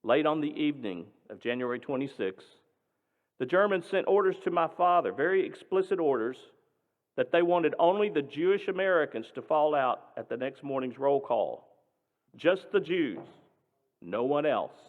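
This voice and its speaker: Dramatic pastor telling a story in an echoing hall. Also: male voice, fairly high pitch, expressive, moderate pace, phone-quality sound. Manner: dramatic, emphatic, shifting between loud and hushed. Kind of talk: storytelling sermon. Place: synagogue sanctuary.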